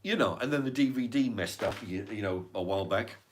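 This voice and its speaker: A man's voice: fairly low pitch, animated, fairly quick, a little hiss or hum. An English man, middle-aged, ranting in a rambling casual monologue full of restarts and swearing. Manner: rambling, swears a lot, many restarts and fillers. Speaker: channel host.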